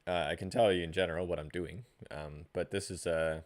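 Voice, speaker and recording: Very deep-voiced man hosting a live stream. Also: fairly even intonation. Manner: friendly, halting, many fillers and restarts; reads out viewer names and greets them. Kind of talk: casual live-stream chat.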